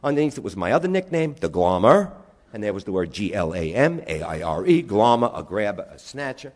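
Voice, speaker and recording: A man with a New York accent telling animated stories to an audience, spelling out words and acting out his family's voices. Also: lowish voice, a little fast. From New York, USA. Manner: lively, spells words out, acts out relatives' voices. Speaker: storyteller speaking to an audience. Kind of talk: animated storytelling talk.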